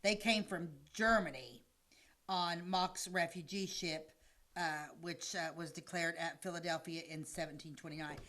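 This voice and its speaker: A woman's voice: lowish voice, normal speed, fairly bright tone. A woman co-hosting a casual podcast chat, talking in a rambling way and stumbling over names. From United States. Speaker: podcast co-host.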